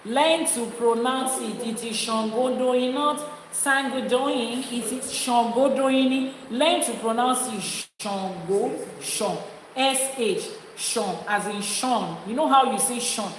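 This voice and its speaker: A woman's voice: a little high, slow. A woman with a Nigerian accent, an Ifá priestess teaching an audience, speaking emphatically and repeating her points to drive them home. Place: indoor room with people present. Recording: echoey hall with faint ambience.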